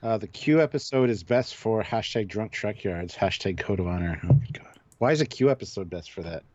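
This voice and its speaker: Low-voiced man on a dull, dry call line. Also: expressive, brisk, a little mellow. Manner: joking, reads out viewer donations. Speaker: co-host of a live review stream. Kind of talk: casual live discussion.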